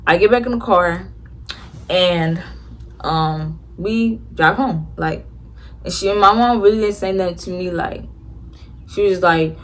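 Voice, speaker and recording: A woman's voice: lowish voice, moderate pace. A teenage girl telling a story to her viewers in a casual, slangy way, with many fillers and restarts. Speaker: vlogger.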